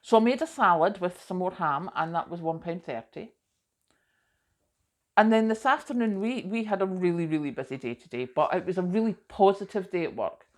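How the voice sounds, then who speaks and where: A woman's voice: fairly low pitch, a little fast. A middle-aged woman vlogging in a chatty, rambling way, self-deprecating and full of asides. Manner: chatty and rambling, self-deprecating, often says "do you know". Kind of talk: casual chat to camera.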